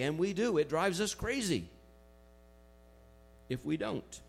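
A man preaching a sermon in a conversational way, slowing down to stress key phrases. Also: fairly high pitch, animated, vocal fry. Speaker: pastor.

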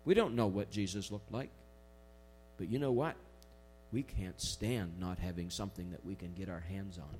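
A man preaching a sermon in a conversational way, slowing down to stress key phrases. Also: sits low, darkish tone. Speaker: pastor.

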